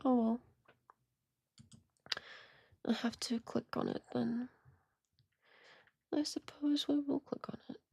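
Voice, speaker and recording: Woman streamer rambling along, super gravelly fry in her voice, dry close sound, lots of restarts. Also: fairly high pitch, fairly even intonation, takes it slowly, pauses often, dry recording. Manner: rambling, stammering restarts, quiet muttered asides. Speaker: streamer reacting to videos. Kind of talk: casual live-stream commentary.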